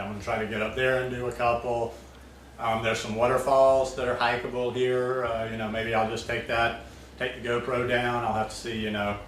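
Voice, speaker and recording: A man with a medium-pitched, slightly bright voice chats casually while making smoothies at home for his vlog, rambling and using lots of fillers. The mic sits at a distance in a roomy space, picking up faint ambience and slight background noise.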